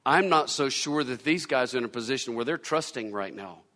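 A man's voice: mid-range voice, animated, a little fast, bright, forceful tone. A man preaching a sermon as pastor, repeating phrases for emphasis. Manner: preaching with repetition and rising emphasis. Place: church sanctuary. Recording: long church-hall reverb.

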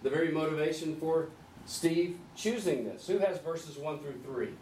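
A man leading a group Bible study, conversational and gently teasing, asking the group questions. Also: fairly high pitch, moderate pace. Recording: echoey room, distant mic, faint hiss.

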